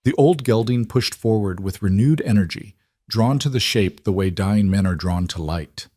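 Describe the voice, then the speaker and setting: Low-voiced man narrating a story. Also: normal speed, darkish tone, dry recording, studio quality.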